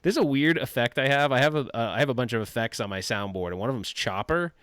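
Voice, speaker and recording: A man's voice: medium pitch, fast, fairly bright tone, clean tone, no room sound. A man hosting a livestream, talking casually with a rambling, laughing and self-deprecating manner. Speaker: livestream host.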